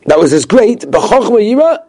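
A man giving a daily Talmud lesson, lecturing quickly and mixing Hebrew and Aramaic terms into his English. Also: high voice, sing-song, mellow. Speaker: Talmud teacher.

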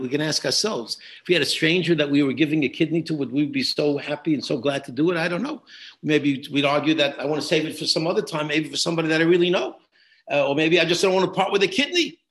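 A man teaching high school students, telling a story in a conversational way with many restarts. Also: fairly bright tone.

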